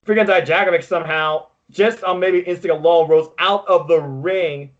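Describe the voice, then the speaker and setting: A man co-hosting a podcast, recapping wrestling in casual chat with excitable, quick play-by-play. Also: fairly high pitch, highs cut off. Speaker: podcast co-host.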